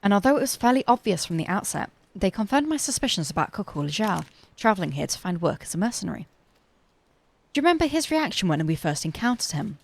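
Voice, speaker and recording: Spirited young woman adventurer, read by a woman, bold, scheming, plain delivery. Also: mid-range voice.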